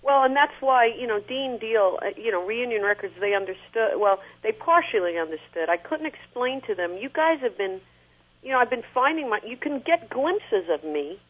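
A middle-aged woman with a husky voice, an interview guest talking animatedly about her singing and sometimes singing short phrases. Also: medium pitch. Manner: animated, sings short snippets to illustrate. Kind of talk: conversational interview. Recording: tinny phone-like line.

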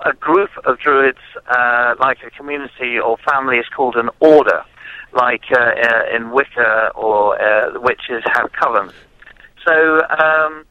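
An English man with a soft West Country accent speaks over a dull, lo-fi phone line. He talks at a middling pitch and pauses often with ums and uhs. The sound is dry and close. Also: no echo. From England, West Country. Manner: hesitant, many ums and uhs. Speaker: guest, druid teacher. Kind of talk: phone interview.

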